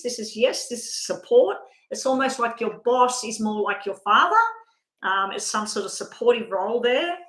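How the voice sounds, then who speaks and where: A woman's voice: mid-range voice, a bit bright, echoey room, rough recording. A woman giving a live tarot card reading, talking in a chatty, rambling way and breaking off mid-thought. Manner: chatty, rambling, self-interrupting. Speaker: tarot reader.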